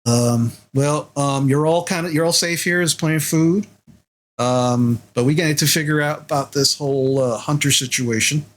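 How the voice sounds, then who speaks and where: A man voicing a calm, soothing middle-aged werewolf pack leader who speaks in an easy drawl. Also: a little high, normal speed, close to an everyday voice. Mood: calm, reassuring.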